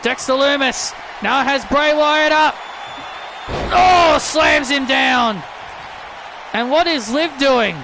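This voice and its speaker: A man giving excited play-by-play commentary over a wrestling video game, often shouting his calls. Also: very high voice, slow, pauses often. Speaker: gaming commentator. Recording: loud game crowd and noise behind. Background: wrestling game crowd noise.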